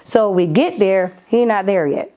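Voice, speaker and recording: A woman's voice: mid-range voice, a little slow. A middle-aged woman telling stories in an interview as an artist manager, blunt and emphatic, acting out what people said. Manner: animated, acts out quoted lines, blunt and emphatic. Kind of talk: candid storytelling interview.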